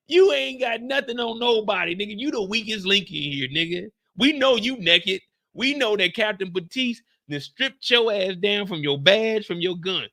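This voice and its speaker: A man hosting a live after-show stream, ranting loudly and profanely straight to his chat. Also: high-pitched, big pitch swings, normal speed, dry recording, clean studio sound.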